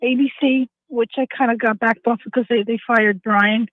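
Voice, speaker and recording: Woman in her 60s, caller on the line, crying, high voice, dull muffled phone sound, dry. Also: steady tone, normal speed, no room sound. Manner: emotional, tearful, effusive. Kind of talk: call-in radio chat.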